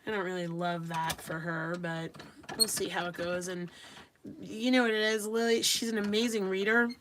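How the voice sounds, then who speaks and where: A woman's voice: medium pitch, steady tone, normal speed, noisy background. A woman hosting a live craft stream, chatting casually with viewers and reading their comments aloud as she works. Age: adult with young children. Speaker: craft livestream host.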